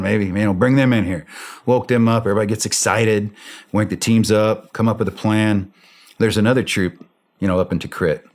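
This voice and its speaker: A man recounting a war story in lively, casual interview talk. His voice sits a touch low. He jumps into the voices of the people he quotes. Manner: animated, acts out quoted dialogue, laughs while telling. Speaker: interview guest, former special operator.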